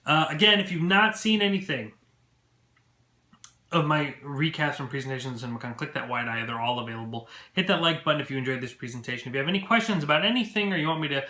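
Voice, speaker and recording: A man recapping an event to camera in a casual vlog, chatty and excitable with many fillers. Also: fairly high pitch, fast. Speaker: movie vlogger. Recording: echoey room.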